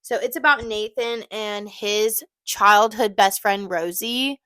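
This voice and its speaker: A woman's voice: medium pitch, takes it slowly, fairly bright tone, no echo. A young woman co-hosting a podcast, gushing about books in casual chat and swearing freely. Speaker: podcast co-host.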